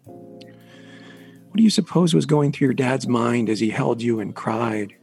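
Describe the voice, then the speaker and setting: A man interviewing a guest, asking gentle, probing questions with a few fillers. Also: medium pitch, slow, soft background music.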